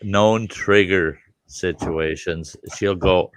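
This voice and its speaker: A man's voice: low-pitched, steady tone, takes it slowly, clear, resonant tone, no room sound. A man hosting a casual group chat, talking earnestly and often repeating words as he starts a thought. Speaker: host.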